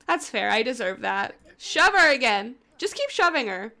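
A young woman casually commenting on her own gameplay, playful and excitable, often chanting commands over and over. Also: a little high, normal speed, hardly any pauses, background noise. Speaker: gaming video host.

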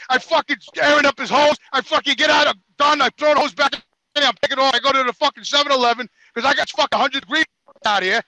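A man's voice: extremely high pitch, fast, sharp tone, rough recording. A man telling an exasperated, profane story on a podcast, acting out the people in it. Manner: exasperated, heavy swearing, acts out quotes. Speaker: podcast regular.

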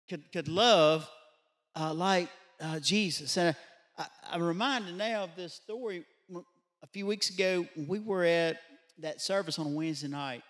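A man's voice: a little high, a bit bright. A pastor preaching a midweek Bible study, telling a story in a conversational way and putting rhetorical questions to his congregation. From Louisiana. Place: church sanctuary.

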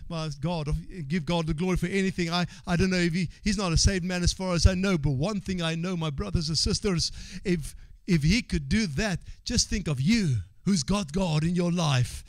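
A man preaching with a high, lifting voice, calling out for amens and repeating his key phrases. He drops to quiet asides, then climbs into shouted exhortation. The sound is dry and close. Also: normal speed, few pauses, dry recording. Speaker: pastor. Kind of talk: sermon.

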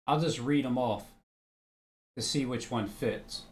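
A man's voice: mid-range voice, takes it slowly. A man giving casual religious commentary, blunt and argumentative, who swears freely and reads scripture aloud.

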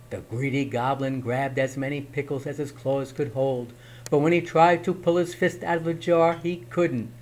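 A man reading a picture book aloud in a slow, expressive storytelling manner. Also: mid-range voice. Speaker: reader.

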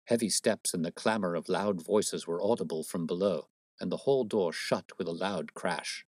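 Low-voiced man reading a storybook. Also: normal speed, darkish tone, dry recording, studio quality. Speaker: narrator.

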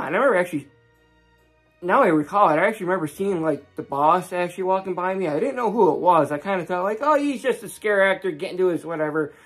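A young man with a husky, slightly breathy voice recounts a personal story in a loose, rambling way, tripping over restarts as he goes. He jumps into the voices of the people in his tale, and soft music plays faintly underneath. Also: high-pitched. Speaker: vlogger.

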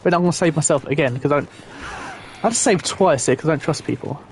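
A young man commentating a video game, exasperated and swearing loudly at the characters he guides. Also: fairly high pitch, quick pace, a crowd in the background. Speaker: gamer. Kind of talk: let's play commentary. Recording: game sounds and noise behind voice.

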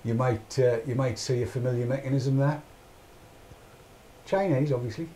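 A man's voice: mid-range voice, normal speed, warm tone, a little hiss or hum. Rambling man hosting. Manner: rambling, chatty, narrates his own actions aloud. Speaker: podcast host. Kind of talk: casual chat.

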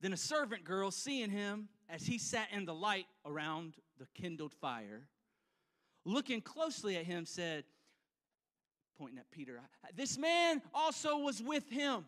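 Preacher, male: high, bright voice; acts out the scene, loud to hushed; reverberant church sanctuary. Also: big pitch swings, a little slow. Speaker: pastor. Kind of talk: sermon. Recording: church hall with long reverb.

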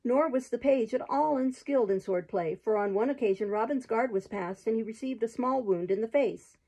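A woman reading a classic adventure tale aloud chapter by chapter in a gentle, steady manner. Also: a little high, moderate pace, husky, low-quality recording. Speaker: host reading a book aloud. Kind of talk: storybook read-aloud.

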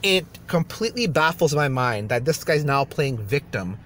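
A man's voice: mid-range voice, very animated, moderate pace, fairly bright tone, a little hiss or hum. A man on his YouTube channel, ranting heatedly and hurling insults from a parked car. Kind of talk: angry rant video.

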